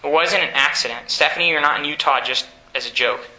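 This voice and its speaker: Bright-voiced man preaching in an echoey room. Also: on the high side, fast. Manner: earnest, exhorting, asks the audience questions. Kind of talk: sermon.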